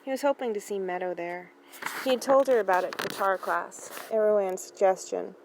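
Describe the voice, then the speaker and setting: A woman reading a novel aloud for a library in a steady, even manner. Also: medium pitch, a little fast, background noise. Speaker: library reader.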